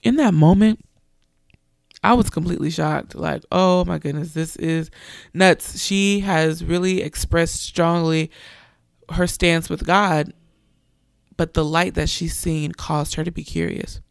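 A woman's voice: lowish voice, steady tone, unhurried, vocal fry, no echo, clean studio sound. A young woman preacher, giving an earnest sermon testimony and animatedly quoting others.

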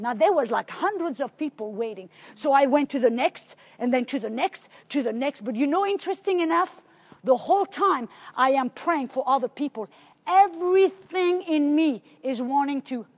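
A woman preacher teaching a sermon, telling a story with animation and emphasis. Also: sits high.

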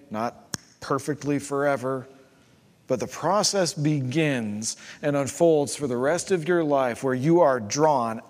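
Man preaching in a reverberant hall. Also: fairly high pitch. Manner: rhetorical, builds with repeated questions; drops to a quiet hush on key phrases. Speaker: pastor. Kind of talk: sermon. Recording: long church hall reverb.

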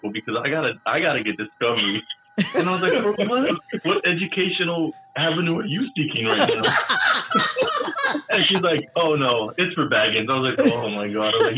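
Laid-back joking man, lively pitch. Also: poor audio. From Laredo, Texas border town. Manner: laid-back, joking, lots of fillers and laughs. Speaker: podcast guest. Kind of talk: casual chat.

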